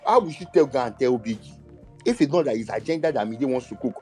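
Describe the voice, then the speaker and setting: A man's voice: medium pitch, expressive, quick pace, dark tone, soft background music. A man cutting in with emphatic, incredulous remarks about a reality show. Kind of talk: casual opinionated chat.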